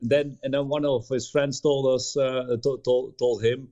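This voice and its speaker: A Dutch man with a Dutch accent, a guest telling a travel story in casual chat, halting and restarting words. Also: medium pitch, fairly even intonation, mellow, muffled recording. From Netherlands. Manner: halting, restarts mid-word.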